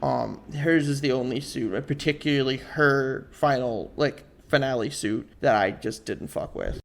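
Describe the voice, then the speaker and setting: A man's voice: medium pitch, normal speed, creaky. A man co-hosting a casual podcast, talking in an opinionated way with many fillers and restarts. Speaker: podcast co-host.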